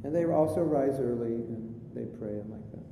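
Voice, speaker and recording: A man as spiritual teacher giving a chatty sermon with jokes, in a live recording from an echoey hall with a faint rumble. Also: normal speed, creaky, mellow. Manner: chatty storytelling, jokey asides.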